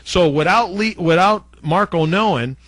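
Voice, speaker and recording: Animated man telling radio stories. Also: high voice, measured pace, no echo. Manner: animated, acts out quotes of others. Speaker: former radio DJ guest. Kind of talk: casual storytelling interview.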